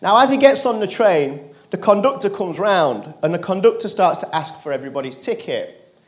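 High-voiced man telling a story. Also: very animated, normal speed. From England. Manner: earnest, drops his voice low and quiet for quoted lines. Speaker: motivational speaker. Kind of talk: storytelling speech to an audience.

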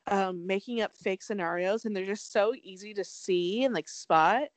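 A woman's voice: medium pitch, normal speed, no room sound. A young woman, a podcast co-host, recapping a reality show in a chatty, sarcastic way with lots of "like". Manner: chatty, heavy use of "like", swearing, sarcastic. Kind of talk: casual recap chat.

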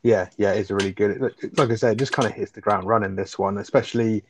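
A man's voice: fairly low pitch, fairly even intonation, quick pace, noisy background. A man, co-hosting a casual podcast chat, enthusiastic and swearing, with plenty of fillers. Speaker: podcast co-host.

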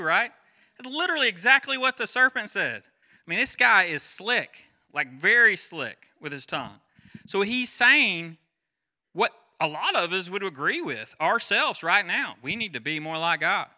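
A pastor in his forties giving a conversational sermon, chatty and quick to quiz the congregation and wander off on side stories. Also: high-pitched, sharp tone. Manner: chatty, asks the crowd questions, goes off on tangents.

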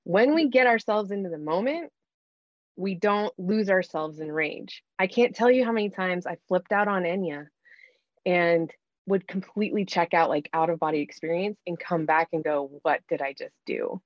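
A woman's voice: on the low side, moderate pace, no room sound. Woman coaching parents in a lo-fi recording. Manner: earnest, coaching, often quotes herself. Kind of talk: conversational advice talk.

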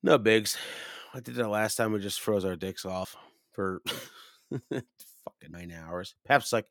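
A low-voiced man around thirty chats casually, stringing profane stories together with lots of filler. When he rants his voice jumps high and loud. The sound is dry and close. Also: unhurried, pauses often, no room sound. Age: 30s. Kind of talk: casual storytelling chat.

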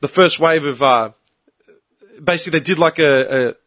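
A man's voice: on the high side, moderate pace, fairly bright tone, dry recording. Swearing young man telling a story. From Australia. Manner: rambling storyteller, heavy swearing and fillers. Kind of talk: casual chat among friends.

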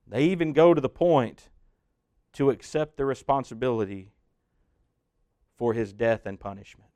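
A man preaching a dramatic sermon that walks the listener through the scene as "you", swelling loud and then dropping to a hush. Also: medium pitch, lively intonation, moderate pace, pauses often, dry recording, studio quality. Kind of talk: dramatic guided sermon narration.

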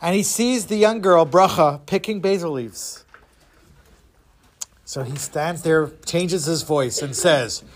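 A man retelling a silly folktale for kids in a playful, animated way, doing voices for the characters. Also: sits high, measured pace. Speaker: storyteller.

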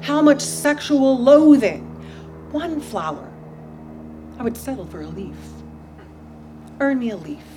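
At an outdoor backyard venue, a woman poet reads her work aloud at a slow, deliberate pace in a high voice with big pitch swings. She shifts between fierce, dramatic intensity and dry self-mockery. Faint ambient noise fills the background.

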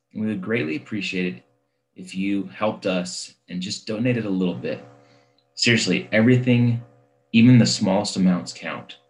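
A man's voice: sits low, low-quality recording. A man hosting a podcast, reading an earnest, persuasive charity appeal. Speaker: podcast host. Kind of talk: sponsor-style appeal read.

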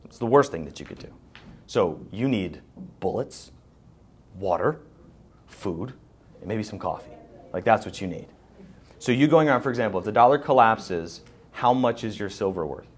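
A man with a somewhat low voice answers questions live before an audience, driving his points home by repeating them. His delivery is forceful and plain-spoken, in the manner of a preacher. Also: expressive, moderate pace, long pauses, a little hiss or hum. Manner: emphatic and repetitive, preacher-like. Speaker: podcast host. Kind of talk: live Q&A talk. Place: live event in front of an audience.

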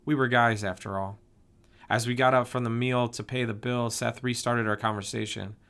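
A man reading his own first-person story aloud in a calm, even storytelling voice. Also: medium pitch, normal speed, clean tone. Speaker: narrator.

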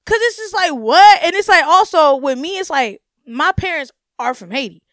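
A young woman hosting her own podcast, ranting in a blunt, profane, animated way and laughing often. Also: very high voice, normal speed, dry recording, studio quality. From United States. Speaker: podcast host. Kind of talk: casual solo podcast rant.

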